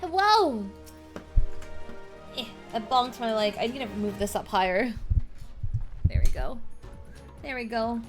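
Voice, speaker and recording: Excitable high-voiced woman streamer. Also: unhurried, long pauses, faint music behind. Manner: excitable, squealing, swears when shocked. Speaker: game streamer. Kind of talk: casual live-stream chatter while playing.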